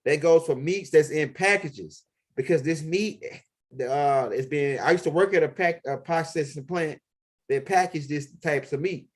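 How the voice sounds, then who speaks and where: Here a man with a somewhat high voice speaks a little slowly as he walks through his house and yard. He's a video blogger, and his casual rambling comes out as profane street talk loaded with fillers.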